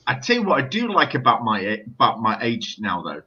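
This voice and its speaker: A man's voice: medium pitch, huge pitch swings, fairly quick, sharp tone, husky, lo-fi sound. A man with an English accent in casual chat, chatty and laughing as he talks, with dry remarks.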